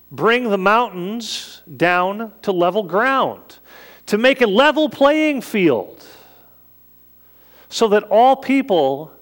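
A man delivers a sermon from the pulpit, his voice sitting high and swooping up and down. He takes his time, speaking in an easy, conversational way and posing questions to his listeners. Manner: conversational preaching with rhetorical questions. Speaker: pastor.

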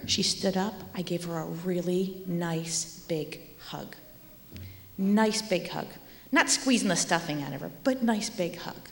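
A woman teacher giving a children's message at church, speaking animatedly to kids and sometimes dropping to a soft whisper. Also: mid-range voice, animated, measured pace. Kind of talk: children's sermon. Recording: echoey hall.

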